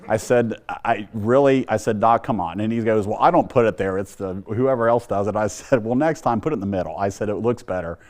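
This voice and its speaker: A man's voice: fairly low pitch, fairly quick, hardly any pauses, darkish tone. A middle-aged man giving a blunt, humorous personal testimony, acting out the dialogue as he retells it. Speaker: testimony speaker.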